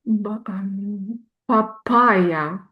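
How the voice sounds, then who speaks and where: Slow, hesitant woman learner. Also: mid-range voice, lo-fi sound. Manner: hesitant, sounds words out. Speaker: student. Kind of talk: reading practice in a lesson.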